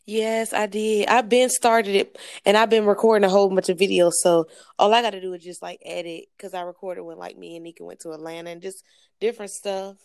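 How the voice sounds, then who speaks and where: A woman's voice: medium pitch, fairly even intonation, fairly quick, creaky, clean tone, dry recording, studio quality. A woman guest on a podcast, chatting casually and hesitating with fillers. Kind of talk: casual chat.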